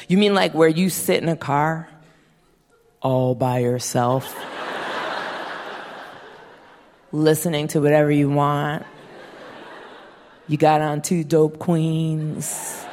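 A woman in her thirties doing a profane, deadpan stand-up set, acting out quotes in her stories. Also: deep voice, slow, long pauses, a little hiss or hum. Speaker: stand-up comedian. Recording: long reverb of a performance hall.

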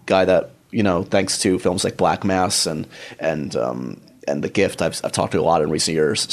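A man's voice: sits low, creaky. Chatty upbeat male podcast host. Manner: chatty, upbeat, lots of fillers. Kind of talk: casual podcast intro and interview.

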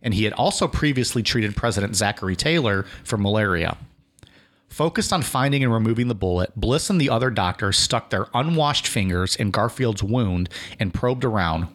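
A man's voice: lowish voice, lively intonation, normal speed, a bit bright. A man hosting a podcast, reading a history outline and breaking into loose, casual asides. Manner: reads notes, then drifts into filler-heavy "like" chatter. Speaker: podcast host and narrator.

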